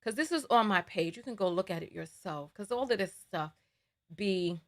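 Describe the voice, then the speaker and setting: A woman's voice: mid-range voice, animated, moderate pace. A woman hosting a live commentary stream, heated and indignant, repeating her words. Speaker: livestream host.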